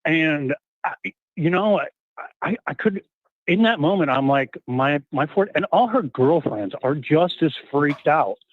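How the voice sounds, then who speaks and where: A middle-aged man from Texas calling in, talking earnestly and haltingly with many restarts. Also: fairly high pitch, lively intonation, dry recording. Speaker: caller. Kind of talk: call-in talk. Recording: tinny phone line, dry.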